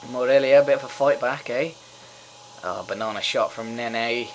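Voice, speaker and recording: Excitable young man swearing. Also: medium pitch, normal speed, slight background noise, low-quality recording. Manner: excitable, swears often, cheers at goals. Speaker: gamer doing live commentary. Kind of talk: casual live gameplay commentary.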